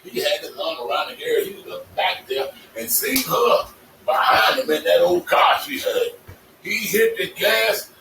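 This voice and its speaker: A man telling casual stories to his vlog audience, animated and laughing, cursing freely as he talks. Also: high-pitched, normal speed, creaky. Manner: animated, swearing, laughing storyteller. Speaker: vlogger. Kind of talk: casual storytelling monologue. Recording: echoey, distant mic with faint noise.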